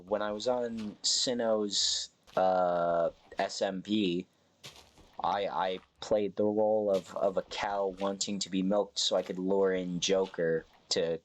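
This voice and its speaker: A man streaming a survival game, chatting casually and correcting himself as he rambles. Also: low-pitched. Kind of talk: casual live game commentary.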